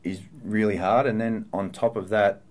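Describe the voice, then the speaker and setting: Earnest low-voiced footballer. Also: male voice, fairly even intonation, normal speed, darkish tone. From Australia. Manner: earnest, reflective, with frequent fillers and restarts. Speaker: professional footballer guest. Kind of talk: candid podcast interview.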